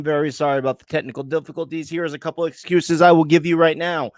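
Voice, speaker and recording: A man's voice: a little high, fast, hardly any pauses, no echo, studio quality. A man hosting a casual online show, joking and swearing freely. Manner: profane, joking, lively. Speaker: host. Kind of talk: casual podcast banter.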